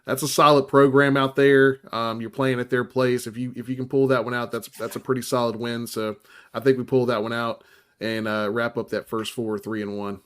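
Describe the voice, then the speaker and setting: A man's voice: medium pitch, little pitch movement, normal speed, clean tone. A man on a sports podcast who thinks aloud and repeats words as he makes his picks. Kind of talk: casual sports chat.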